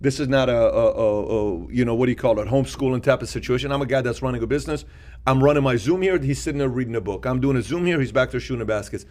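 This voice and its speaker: A middle-aged man co-hosting a casual podcast chat. He works his ideas out as he speaks, looping back and restarting his phrases. His voice sits at an ordinary middle pitch. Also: fast, a little mellow. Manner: thinks aloud with repeated restarts. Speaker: podcast co-host.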